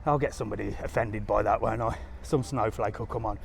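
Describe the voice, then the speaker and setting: There's slight background noise as a travel vlogger with a lowish, creaky voice talks fairly quickly and steadily on a live stream. Walking outdoors by a harbour, he rambles through stories casually and laughs a lot.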